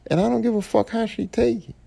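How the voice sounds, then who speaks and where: Male podcast host, gravelly and dark-toned, blunt profane AAVE rant. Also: high voice, fairly even intonation, fast. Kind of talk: solo podcast monologue.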